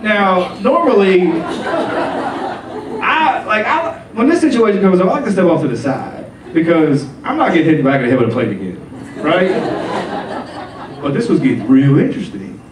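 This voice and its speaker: Lively, high-voiced stand-up comic man in a club. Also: normal speed, pauses often, over a noisy crowd. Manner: loose storytelling full of "like" fillers, voices for the people in his stories. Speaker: stand-up comedian. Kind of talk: stand-up comedy set. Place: comedy club stage. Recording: roomy, distant club recording with faint noise.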